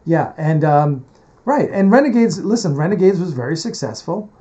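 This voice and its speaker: A man's voice: on the high side, lively intonation, moderate pace, mellow, dull audio. A man hosting a casual interview, rambling and thinking aloud while handling things on his computer. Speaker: host and producer.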